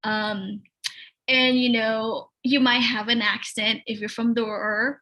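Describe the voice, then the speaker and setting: A woman's voice: a little high, flat delivery, a little slow, sharp tone, rough recording. A woman from North Carolina, speaking hesitantly as a panelist in a discussion. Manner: hesitant, many fillers and restarts.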